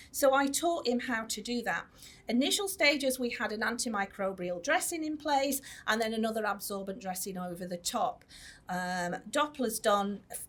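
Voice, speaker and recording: A woman who is a nurse specialist giving a chatty conference talk, with many fillers and restarts. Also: fairly high pitch. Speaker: tissue viability nurse specialist. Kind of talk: conference presentation. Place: conference hall.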